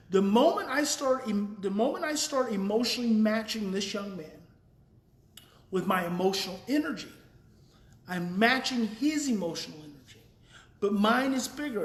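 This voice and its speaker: A man's voice: sits high, roomy sound. A man hosting a daily live parenting talk, explaining earnestly in a casual way and thinking aloud with restarts while reading viewer comments.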